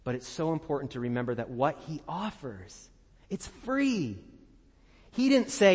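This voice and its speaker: A man preaching a sermon as a pastor, earnest and conversational, laughing at times and dropping soft and low in prayerful moments. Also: big pitch swings, measured pace, breathy edge, in a large hall. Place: church.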